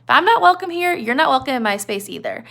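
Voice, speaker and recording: A curt, blunt voice of a bitter older stable hand who keeps everyone out, as a woman puts him on. It has a gravelly, forceful edge and a resentful bite. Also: high voice, lively intonation, quick pace, exaggerated voice.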